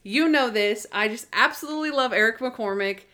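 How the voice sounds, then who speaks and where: A woman co-hosting a casual podcast, speaking with eager, emphatic enthusiasm. Her voice sits a little high. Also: brisk, pushed and bright, a little hiss or hum. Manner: enthusiastic, emphatic, retells scenes. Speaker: podcast co-host. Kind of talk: casual chat.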